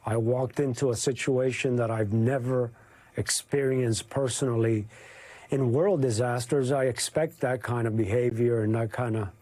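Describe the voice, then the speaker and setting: A male photojournalist giving an interview, telling his story in a halting, emotional way. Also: medium pitch, fairly even intonation, dark tone, no echo. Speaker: news photojournalist guest. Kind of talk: interview recollection.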